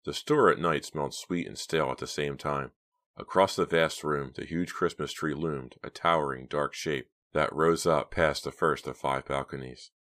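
A man reads a novel aloud in a measured, hushed storytelling manner. His voice is extremely low, a dark bass that carries the narration. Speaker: audiobook narrator. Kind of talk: scripted narration.

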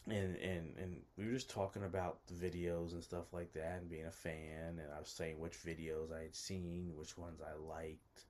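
Deep-voiced man rambling through a story. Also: little pitch movement, normal speed, few pauses, a little mellow. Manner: rambling, self-interrupting, lots of "like"; nervous, self-conscious. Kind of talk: casual personal anecdote.

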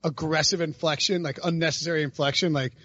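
A man hosting a casual podcast talks in a rambling way and laughs as he goes. He often breaks off and restarts his sentences. His voice sits a little high, with a dull, dry, lo-fi sound. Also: steady tone, fast, a bit bright, dry recording. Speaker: podcast host. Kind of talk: casual chat.

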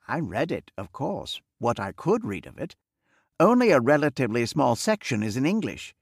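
A man reading the part of a wealthy, reserved middle-aged man who speaks in a measured, formal way. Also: mid-range voice, very animated, creaky, slightly rough, dry recording, studio quality, full character voice. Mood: earnest. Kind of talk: audiobook character reading.

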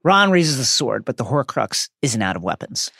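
Male co-host, animated essay reader with a lively pitch, close dry mic. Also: moderate pace, creaky, breathy edge, no echo. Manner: animated, emphatic reading. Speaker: podcast co-host. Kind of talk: reading a prepared essay on a book.

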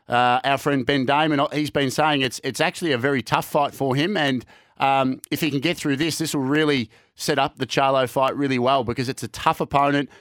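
A man's voice: mid-range voice, fairly bright tone, dry recording, studio quality. An Australian man co-hosting a sports podcast, chatting casually and rambling with lots of restarts.

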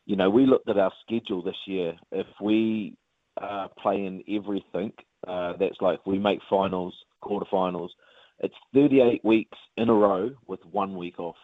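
Deep-voiced Kiwi man on a phone line. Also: normal speed, dry recording. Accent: New Zealand. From New Zealand. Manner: relaxed, rambling, lots of ums and uhs. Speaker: professional rugby player. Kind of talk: casual interview over the phone. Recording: tinny dry phone line.

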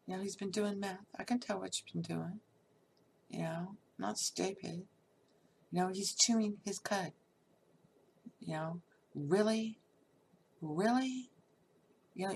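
A woman's voice: medium pitch, a little mellow, slight background noise. A middle-aged woman, candidly telling a personal life story in a casual, salty way, full of fillers.

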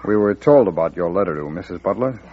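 An actor playing a brisk, matter-of-fact federal agent in a 1950s radio drama. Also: male voice, sits low, expressive. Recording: lo-fi old radio recording.

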